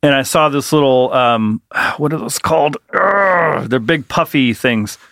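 A podcast co-host with a mid-range, fairly bright voice talks at a moderate pace, spinning rambling stories in casual conversation and swearing freely. The recording is dry and studio quality.

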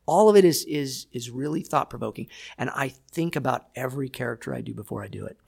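Gravelly, thoughtful man in his forties. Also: medium pitch, lively intonation, fast talker, a little mellow. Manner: thoughtful, searching for words, repeats starts. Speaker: voice actor guest. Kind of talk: casual interview chat.

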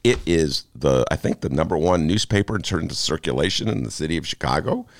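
A man's voice: very deep voice, expressive, a little fast. A male radio talk show host in a studio, rambling and joking off on tangents, in casual banter. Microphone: studio microphone.

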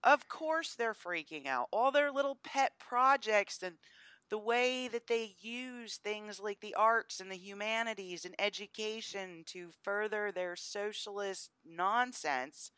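Emphatic woman co-hosting, bright and dry. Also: mid-range voice, a little slow, clear, resonant tone, no room sound. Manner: emphatic and scornful. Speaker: podcast co-host. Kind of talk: casual political chat.

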